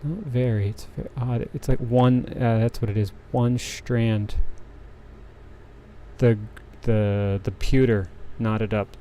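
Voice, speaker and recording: A man hosts a casual livestream, chatting while he cross-stitches, rambling and restarting often as he works the thread. His mid-range voice is warm and fairly even, and he takes it slowly; the desk microphone picks up a little hiss or hum.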